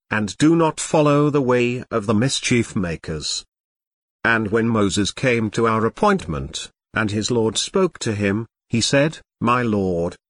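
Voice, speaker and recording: A man's voice: mid-range voice, a bit bright, dry recording. Solemn man reading scripture, dry close voice. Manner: slow, measured, solemn phrasing.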